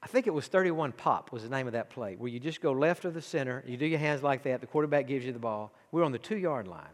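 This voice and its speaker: A man in his forties with an East Texas accent, preaching a sermon in a folksy storytelling way that drops to a near hush and swells into fervent exhortation. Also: medium pitch, expressive, fast, in a large hall. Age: 40s. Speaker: pastor.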